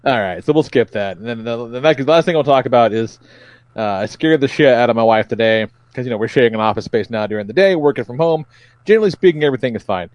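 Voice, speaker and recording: Profane, animated male podcast storyteller. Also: mid-range voice, quick pace, no room sound, lo-fi sound. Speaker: podcast co-host. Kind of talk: casual comedic chat.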